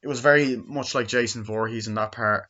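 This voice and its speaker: A man talks through a film in a loose, rambling recap, swearing freely and breaking into sudden high-pitched character voices. His voice sits at an ordinary middle pitch. The recording sounds dull and lo-fi. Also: steady tone, fairly quick, bright, forceful tone. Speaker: movie reviewer. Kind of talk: casual movie review, retelling scenes.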